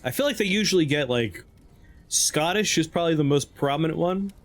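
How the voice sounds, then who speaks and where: Playful man with a lively voice. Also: a little high, fairly quick. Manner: playful, jokey, breaks into silly voices. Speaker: streamer playing a game. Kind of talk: casual let's-play commentary. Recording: with game music behind.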